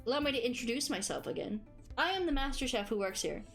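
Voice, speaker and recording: A woman's voice: sits high, animated, quick pace, soft background music. A woman voicing a stubborn, terse male master chef who talks bluntly. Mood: earnest.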